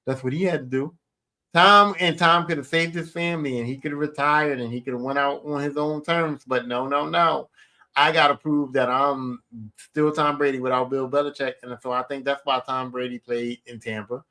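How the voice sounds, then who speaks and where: A man's voice: medium pitch, steady tone, moderate pace, sharp tone. A middle-aged man hosting his own podcast, talking in a blunt, rambling way and swearing casually. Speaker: podcast host. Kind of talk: casual solo podcast monologue.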